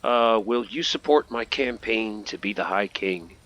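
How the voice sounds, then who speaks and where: A man's voice: lowish voice, unhurried, hardly any pauses, a bit bright, dull audio. A man doing jokey playthrough commentary, talking back to game characters. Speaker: gaming host.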